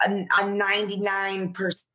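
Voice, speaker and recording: A woman's voice: mid-range voice, completely flat delivery, moderate pace, bright, forceful tone. A woman chatting casually on a podcast over a video call, filling her talk with "like" and laughing often. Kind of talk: casual chat.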